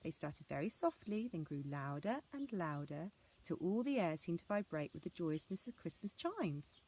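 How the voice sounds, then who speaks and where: A woman reading an old fairy tale aloud as a storyteller, in a measured storybook manner. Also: fairly low pitch, sing-song, a little mellow, slightly rough.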